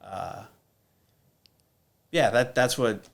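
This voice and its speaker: A man's voice: mid-range voice, extremely slow, vocal fry. A man in his thirties, a podcast guest, telling a personal story in a blunt, candid way, swearing often and using many fillers.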